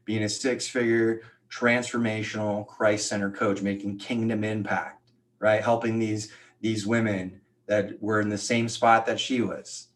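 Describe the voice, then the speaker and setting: A man's voice: on the low side, flat delivery, measured pace. A man on a live group coaching call who talks casually, fills his speech with "like", and prays aloud. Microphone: video call.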